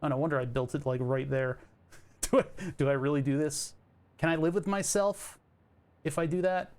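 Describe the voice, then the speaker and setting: Guy streaming a factory game, kinda high voice, rambly and jokey, talks to chat. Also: a little fast. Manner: rambling, self-mocking, jokey asides to chat. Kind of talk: casual gameplay commentary.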